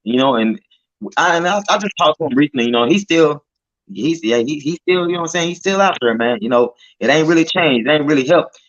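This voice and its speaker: A man's voice: a little high, expressive, a little fast, fairly bright tone. Guy telling a street testimony, slangy and cussing, keeps saying man, kinda muffled lo-fi sound. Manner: slangy, tags lines with "man" and "you know", profane. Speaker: street preacher in group discussion. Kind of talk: casual testimony.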